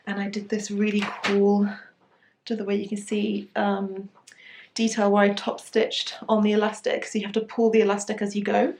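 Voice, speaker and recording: A woman's voice: medium pitch, completely flat delivery, normal speed, darkish tone, roomy sound, slight background noise. Chatty British woman sewing vlogger. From Britain. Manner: chatty, giggly, full of fillers and asides. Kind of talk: casual chat. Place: room at home.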